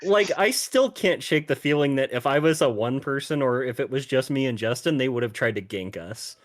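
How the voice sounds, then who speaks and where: Casual swearing guy in chat. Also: medium pitch. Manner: casual, swears freely, quick interjections.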